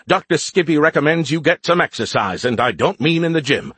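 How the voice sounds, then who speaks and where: A man's voice: fairly high pitch, lively intonation, brisk, a bit bright, slightly rough, no echo, voice pushed up. A man voicing a perky, smug male AI in a beer can, teasing and snarky, for an audiobook. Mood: mocking. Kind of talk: audiobook character voice.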